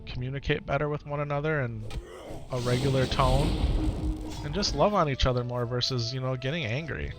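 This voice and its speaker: A middle-aged man with a gravelly, fry-edged voice of ordinary pitch chats live to his stream audience. He talks earnestly and reflectively, circling back to repeat his points, with soft music playing faintly behind him. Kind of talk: casual chat to stream viewers.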